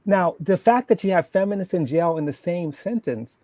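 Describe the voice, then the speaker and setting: A man's voice: high voice, animated, normal speed, a little mellow, no echo. A man speaking as a panel guest in a passionate political discussion, emphatic, stacking points into lists and restarting words as he goes. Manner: emphatic, builds lists, repeats words when starting.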